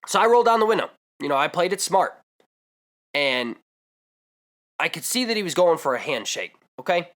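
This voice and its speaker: A man's voice: fairly high pitch, very animated, normal speed, long pauses, a bit bright. A young man vlogging, telling a comedic story with exaggerated asides and rambling digressions.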